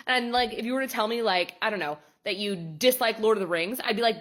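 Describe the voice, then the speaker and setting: A woman's voice: fairly high pitch, brisk, few pauses. A young woman who runs a boudoir photography studio tells a story in a storytime vlog, bluntly and with plenty of swearing. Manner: blunt and sweary, animated retelling.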